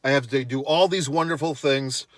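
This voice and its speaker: A man's voice: mid-range voice, normal speed, no room sound, clean studio sound. A man delivering a profane, sarcastic rant on his vlog, blunt and dismissive in tone. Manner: sarcastic, heavy swearing. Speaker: wrestling commentator.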